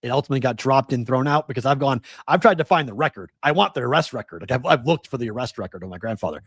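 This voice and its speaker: A man's voice: mid-range voice, expressive, rapid-fire, slightly rough, no room sound, clean studio sound. A man with a Boston accent hosting a live sports betting show, ranting animatedly and firing off rhetorical questions. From Massachusetts.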